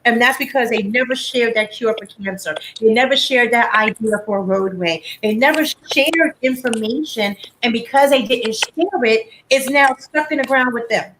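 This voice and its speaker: A woman hosting a casual live beauty stream from home, chatty and animated, full of "like" fillers. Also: fairly high pitch, moderate pace, few pauses, a little hiss or hum, low-quality recording. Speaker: host of a live beauty chat.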